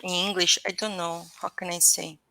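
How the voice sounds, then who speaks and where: A woman's voice: fairly low pitch, level tone, fairly quick, vocal fry, bright, forceful tone, no room sound. A woman with a Portuguese accent and Portuguese as her first language, speaking as a student in an online English lesson. She hesitates, restarts often and searches for words. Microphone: video call.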